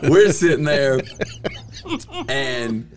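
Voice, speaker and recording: A man, hosting a podcast and telling a story in a lively, laughing way that bursts into yelling. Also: medium pitch, extremely slow. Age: 30s. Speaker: podcast host. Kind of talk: casual storytelling chat.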